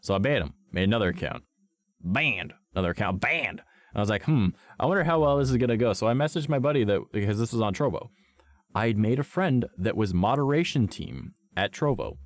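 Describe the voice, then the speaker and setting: A man's voice: lowish voice, expressive, a little fast, dry recording. A young adult man streaming, telling a story in casual chat, blunt and profane.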